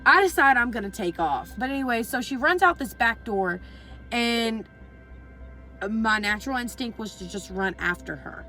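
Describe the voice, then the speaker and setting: A woman's voice: a little high, expressive, moderate pace, pushed and bright, poor audio. Young woman, casual storytelling vlog, swears a lot, rambling with fillers, faint music behind. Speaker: vlogger.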